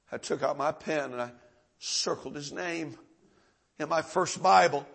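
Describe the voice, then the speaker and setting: A middle-aged male preacher spins a folksy sermon story with a husky, slightly high voice. He restarts and doubles his words as he builds toward a point. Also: a bit bright.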